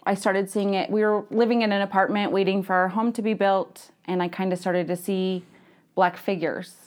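A woman talks as a guest on a relaxed podcast. She is candid and laughs often, with casual swearing dropped into her answers. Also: mid-range voice, moderate pace. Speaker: podcast guest, ghost hunter. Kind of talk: casual chat.

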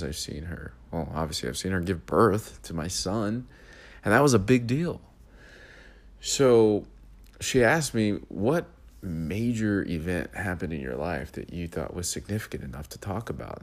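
Deep-voiced man hosting a podcast. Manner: reflective, speaking his mind in a steady rhythm. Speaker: podcast host. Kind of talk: solo podcast monologue.

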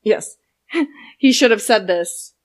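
A woman's voice: mid-range voice, lively intonation, slow. A young woman co-hosting a casual chat podcast, joking and swearing, reading excerpts aloud. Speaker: podcast co-host.

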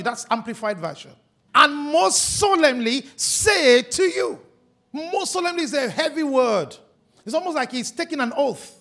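A man preaching a sermon as pastor, hitting key words hard and drawing them out. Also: extremely high pitch. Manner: emphatic preaching, stretching and shouting key words.

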